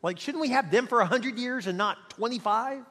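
A middle-aged pastor preaches a passionate sermon in a very high-pitched voice. He swings widely between loud, fast bursts and quiet, slow passages, and hall reverb colors the recording.

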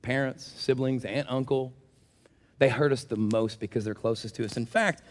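Humorous pastor in a reverberant hall. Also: male voice, medium pitch, steady tone, moderate pace. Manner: humorous storytelling with acted asides. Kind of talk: sermon.

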